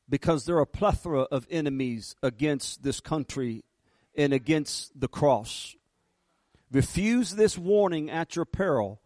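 A man preaching a fervent sermon, slowing down and rising in pitch and volume for emphasis. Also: a little mellow, no echo. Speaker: pastor.

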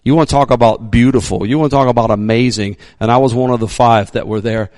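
A male pastor preaching a sermon, emphatic, sometimes shouting his readings, joking about himself. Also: medium pitch, steady tone, fast, dry recording.

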